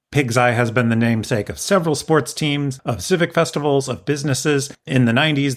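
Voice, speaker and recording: A man in a middle register tells a history story as a podcast host. His delivery is casual and explanatory, with a dry, lightly sardonic edge. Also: mid-range voice.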